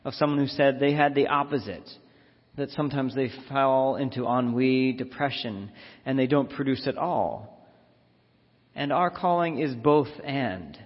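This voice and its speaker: A man giving a sermon as a minister, reflective and repeating phrases for emphasis. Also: medium pitch. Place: church sanctuary. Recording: dull lo-fi audio in a reverberant sanctuary.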